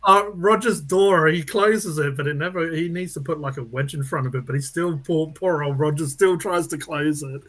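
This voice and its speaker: A man hosting a live-stream chat with a slightly high voice. He rambles and cracks crude jokes in a loose, easygoing way. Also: normal speed, few pauses, a bit bright. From Australia. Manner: joking, rambling, crude humor. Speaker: host.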